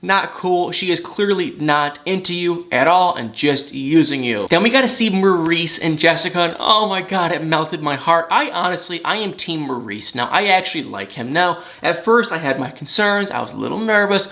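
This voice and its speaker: A man's voice: fairly high pitch, expressive, moderate pace, hardly any pauses, bright, forceful tone. A man recapping a reality TV show in a casual vlog, opinionated and exasperated. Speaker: reality TV commentator.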